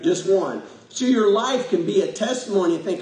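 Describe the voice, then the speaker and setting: A man's voice: high-pitched, lively intonation, moderate pace, few pauses, a little mellow. A man preaching a folksy, emotional sermon to a congregation, laughing often as he talks. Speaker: pastor. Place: church sanctuary with congregation. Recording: echoey church, voice from far off.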